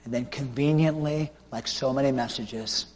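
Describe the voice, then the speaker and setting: A male pastor preaching a revival sermon with an altar call, swinging from loud shouting to hushed pleading. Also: mid-range voice, moderate pace. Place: large church auditorium. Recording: long hall reverb.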